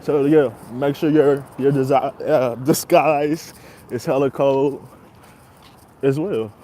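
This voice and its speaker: A man's voice: medium pitch, fairly even intonation, takes it slowly, warm tone, slight background noise. Laid-back young man, slangy and laughing. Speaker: podcast host. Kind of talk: casual monologue.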